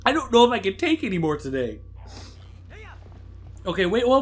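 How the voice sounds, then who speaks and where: A man hosting a let's play, commenting live on his gameplay with loud exclamations and groans. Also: very high voice, big pitch swings, a little slow, long pauses, breathy edge.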